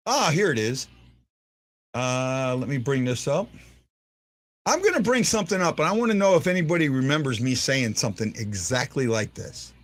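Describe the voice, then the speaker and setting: A man hosting a fan show, talking casually and rambling, repeating himself and teasing his viewers as he reacts to a game. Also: medium pitch. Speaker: fan podcast host. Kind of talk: casual live-stream commentary.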